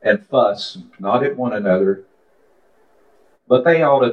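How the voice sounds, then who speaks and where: A man's voice: medium pitch, measured pace. A man preaching a sermon in a fervent, confessional way, calling out to members of his congregation. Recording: echoey, dull lo-fi room recording.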